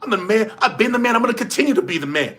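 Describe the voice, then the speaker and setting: A man's voice: high voice, expressive, racing, voice pushed up. A man imitating a brash, boastful male arm-wrestling champion who trash-talks in a swaggering voice. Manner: swaggering trash talk, loud and taunting.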